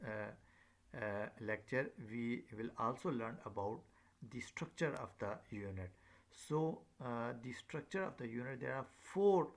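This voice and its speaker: A male lecturer talks at an unhurried crawl, stopping often on fillers and repeating words as he goes. Every so often he acts out short example phrases to show how tones rise and fall. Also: medium pitch. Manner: slow and halting, many fillers and repeats; demonstrates rising and falling tones on example phrases. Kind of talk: recorded lecture.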